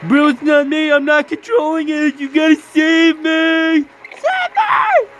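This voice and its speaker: A man doing a panicky high-pitched looter. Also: lively intonation, measured pace, over music. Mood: panicked pleading. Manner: whiny, pleading. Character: panicky male game character compelled to loot. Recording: loud background noise.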